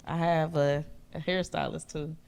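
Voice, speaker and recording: A woman's voice: deep voice, flat delivery, a little slow, vocal fry, darkish tone, a little hiss or hum. A woman who is a guest on a panel, chatting casually and chiming in with her own experience.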